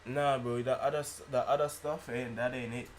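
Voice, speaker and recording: A man's voice: medium pitch, steady tone, moderate pace, a little hiss or hum. A man with a London accent live-streaming his reaction to a rap battle, talking in loose slang, laughing often and repeating his lines.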